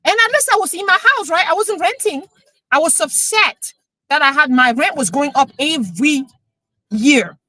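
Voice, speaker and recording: A woman, a real estate coach chatting emotionally on a live stream, excited as she talks. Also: sits high, moderate pace, no echo, poor audio. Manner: excited, emotional, switching into French.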